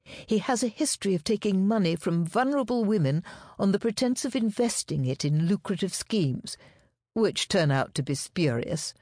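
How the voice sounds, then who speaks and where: A woman voicing a bold, cheerful female private detective in an audiobook, with a brisk, sarcastic manner. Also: mid-range voice, expressive, darkish tone, no room sound, clean studio sound, voice pushed up, close to an everyday voice. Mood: explaining.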